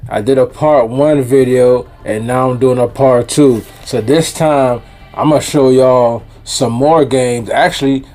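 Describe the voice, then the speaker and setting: A man's voice: medium pitch, darkish tone. A man with a Jamaican accent, chatting casually as host of his own gaming vlog in a laid-back, slangy way. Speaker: gaming YouTuber.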